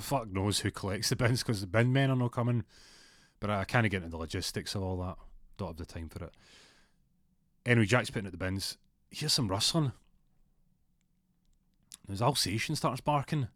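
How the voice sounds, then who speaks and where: A man's voice: fairly low pitch, a bit bright, no room sound, clean studio sound. A young man telling a spooky story in a casual, rambling way, full of restarts.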